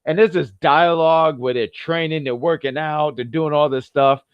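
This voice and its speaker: A man's voice: a little high, fairly even intonation, normal speed, clean tone, no room sound, highs cut off. A man from New York co-hosting a casual wrestling review podcast, rambling and self-correcting as he jokes around.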